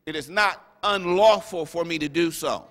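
A man preaches a lively, joking sermon as a bishop, his voice bright and pitched a little high. It rings out with a long reverb, like a big sanctuary heard through a stage mic. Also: normal speed. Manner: animated, humorous preaching with playful asides and acted-out quotes. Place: large church sanctuary. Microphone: stage microphone.

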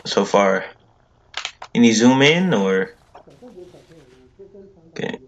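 Slow-talking jittery gamer man. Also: fairly low pitch, expressive, dull audio. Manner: jittery, repeats himself over and over. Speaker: gaming video creator. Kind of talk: horror game let's play commentary.

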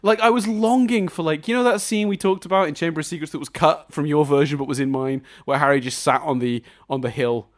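A man's voice: fairly high pitch, fast talker, few pauses. A man co-hosting a podcast, ranting and swearing in a casual film review chat and laughing often as he talks. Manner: animated, swearing ranter; laughs often mid-sentence. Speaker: podcast co-host.

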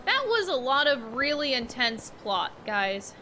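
A high-pitched woman with a bright, sharp voice streams a video game. She talks casually and excitably to her chat, reacting loudly to whatever happens on screen. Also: measured pace, slight background noise. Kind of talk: casual gameplay commentary.

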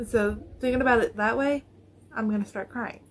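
A woman's voice: on the high side, moderate pace, a little hiss or hum. A woman vlogger chatting to viewers in a casual reaction video, nervous and rambling, recorded on her phone.

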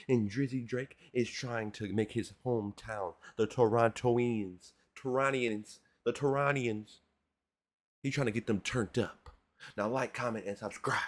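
Animated man ranting in a music reaction. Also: medium pitch. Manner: animated, mock-outraged rants with slang. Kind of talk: casual reaction commentary.

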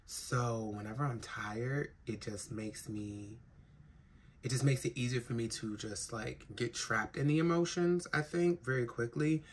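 A woman's voice: very deep voice, unhurried. A trans woman vlogging at home, worn out after crying, talking frankly and rambling with plenty of swearing. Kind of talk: casual vlog chat to camera. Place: home in a big city. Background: faint city noise.

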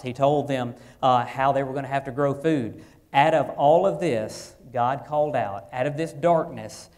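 A man preaching a sermon, his voice swelling louder on key phrases and dropping low between, with frequent restarts. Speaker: pastor.

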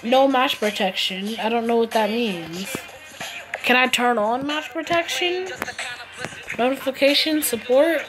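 Slow, playful woman trash-talking through a game. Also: a little high. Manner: playful trash-talk, laughs at opponents. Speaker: mobile game player. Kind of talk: casual gameplay commentary. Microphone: phone screen recorder.

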